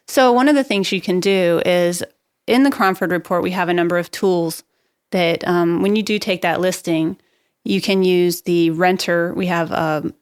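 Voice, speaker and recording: A woman speaking as a guest expert on a real estate podcast. She gives practical marketing advice in a brisk, upbeat way. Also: fairly low pitch, dry recording, studio quality. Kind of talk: podcast interview, explaining marketing tips.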